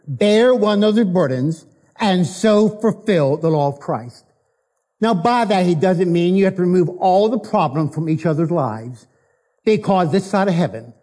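A man's voice: high-pitched, warm tone. A man preaching a sermon as a guest speaker, working homely anecdotes into the scripture and returning again and again to a repeated refrain. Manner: preaches with anecdotes and emphatic repetition.

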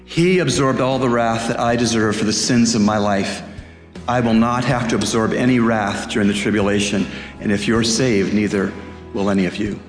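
A man's voice: lowish voice, fairly even intonation, normal speed. A male pastor preaching a sermon in an earnest, emphatic way. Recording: echoey hall with faint music.

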